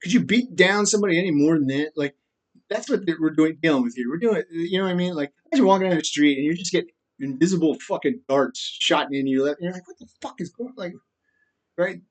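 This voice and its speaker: A man's voice: a little high, quick pace. Agitated, profane man ranting to camera. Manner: frequent laughs and repeated "right?". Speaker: vlogger. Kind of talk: rambling monologue.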